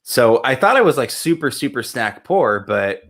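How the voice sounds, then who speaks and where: Chatty, excitable man co-host. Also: medium pitch, moderate pace. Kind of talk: casual banter on a live show.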